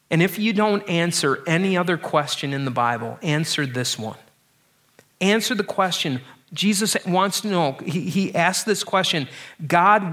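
A man delivers a sermon in an earnest, emphatic manner. His voice sits a little higher than most men's. He often repeats words as he presses a point and sinks low and slow on the weightiest lines. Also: fairly bright tone. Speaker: pastor.

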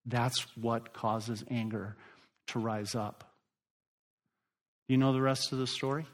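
A middle-aged pastor delivers his sermon at an unhurried, deliberate pace. His voice sits at an ordinary male pitch. He swells with force on the points he wants to land. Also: fairly even intonation. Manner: slow, emphatic preaching that rises and drops in force.

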